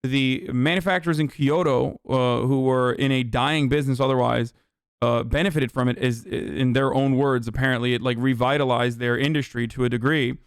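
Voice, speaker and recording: A man's voice: mid-range voice, steady tone, moderate pace, clean tone, no room sound, clean studio sound. A man from Turkey hosting a livestream, ranting in a heated, profane, argumentative way. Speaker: livestream host. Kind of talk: casual livestream rant.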